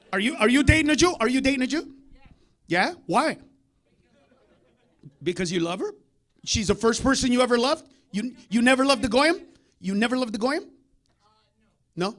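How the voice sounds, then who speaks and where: High-voiced, profane stand-up comedian. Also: male voice, moderate pace, long pauses. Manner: loud, profane, confrontational with the crowd, swings from low mutter to shouting. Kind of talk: live stand-up routine. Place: comedy club stage.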